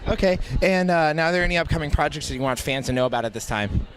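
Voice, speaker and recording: A man interviewing a guest at a convention, asking questions in a casual, slightly halting way. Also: a little high, lively intonation, a bit bright.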